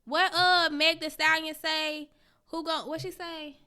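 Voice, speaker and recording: High, bright-voiced woman hosting a chat. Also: little pitch movement, unhurried. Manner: slangy and candid, swears freely; talks straight to viewers, greets them by name. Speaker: host reading live chat comments. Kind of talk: casual livestream chat.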